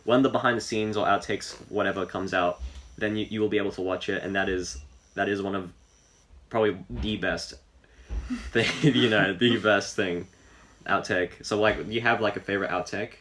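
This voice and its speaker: Speaking at a moderate pace, a man with a lowish, slightly bright voice keeps his tone steady as he co-hosts a laid-back podcast. He meanders through his ideas with plenty of fillers and restarts.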